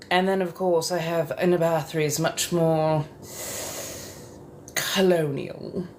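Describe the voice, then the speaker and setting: A woman chatting in a soft-spoken ASMR style, rambling casually as she goes. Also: low voice, slight background noise. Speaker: ASMR creator.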